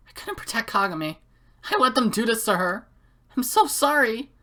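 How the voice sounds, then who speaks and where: A woman voicing a distraught teenage girl who pleads in a high, strained voice while reading visual novel dialogue. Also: lively intonation, moderate pace, bright, forceful tone. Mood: pleading.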